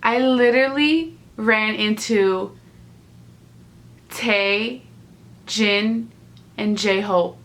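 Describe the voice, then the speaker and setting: A woman's voice: on the high side, a bit bright. A young woman telling a storytime vlog in emotional, rambling casual slang, sighing and near tears. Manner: casual slangy talk full of likes. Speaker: vlogger.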